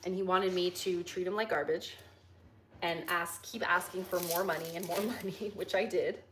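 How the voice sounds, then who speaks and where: A woman's voice: lowish voice, steady tone, moderate pace, a bit bright, a little hiss or hum. A young woman hosting a livestream, chatting casually with viewers while she cooks in her kitchen and reads out chat questions. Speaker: livestream host. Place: home kitchen.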